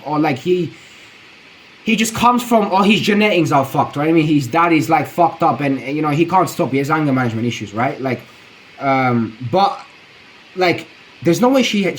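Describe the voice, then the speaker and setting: A man's voice: a little high, slight background noise, poor audio. A man streaming his reaction to a video, talking in a rambling, profane, slang-heavy way. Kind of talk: casual reaction commentary.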